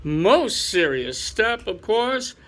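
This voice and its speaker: A man voicing a pompous older male chief rabbit in a storybook reading, speaking in a slow, patronizing drawl. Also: high-pitched, very animated, a bit bright, voice pushed up, heavily acted.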